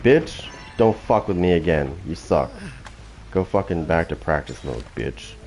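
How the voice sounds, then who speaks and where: A man's voice: low-pitched, expressive, unhurried, over loud music, rough recording. A man giving profane, trash-talking commentary while playing a video game, taunting opponents. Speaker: gaming channel host. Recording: loud game sounds behind.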